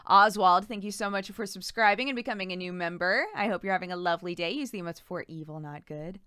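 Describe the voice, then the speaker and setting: A woman's voice: on the low side, fast, sharp tone, clean tone, no room sound. A woman streamer chatting casually, giggling and thanking subscribers by name. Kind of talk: casual live-stream chat.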